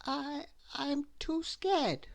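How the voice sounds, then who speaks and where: A man's voice: lively intonation, very slow, vocal fry, heavily acted. A man voicing a tiny, nervous storybook character who stammers and shrieks in panic. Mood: timid stammer. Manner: shrill, stammering, terrified. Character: tiny panicky nervous male blob, trembling.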